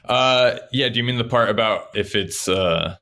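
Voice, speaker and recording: Male regular contributor, deep and bright, relaxed, quick to laugh. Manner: laughs often, relaxed storytelling. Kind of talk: casual chat.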